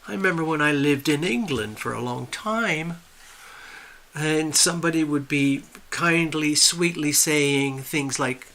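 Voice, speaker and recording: Fairly high in pitch and measured in pace, this American livestream host has a bright, forceful tone. He reads viewer comments, greets people by name, and chats in a friendly, rambling way as he sets up at home.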